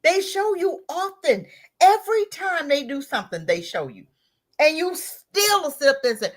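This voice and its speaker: A woman hosts a casual talk radio show, animated and mocking, with frequent laughter between her points. Her voice sits fairly high and swoops widely up and down. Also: normal speed. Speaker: host.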